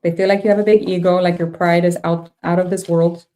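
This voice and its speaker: Woman tarot reader, low mellow voice, chatty and reactive. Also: level tone, a little fast. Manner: thinks aloud, laughs often, frank reactions. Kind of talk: casual tarot reading.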